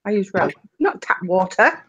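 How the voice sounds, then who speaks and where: A woman's voice: medium pitch, very animated, moderate pace, a bit bright, breathy edge, dull audio. A woman joining a casual live-stream chat with short remarks.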